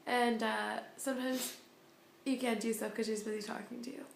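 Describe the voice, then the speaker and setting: A young woman with a gravelly, creaky voice tells stories in a wry, offhand tone. She is recorded in an echoey room with faint noise behind her. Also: on the high side, flat delivery, normal speed. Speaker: volunteer. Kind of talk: casual chat.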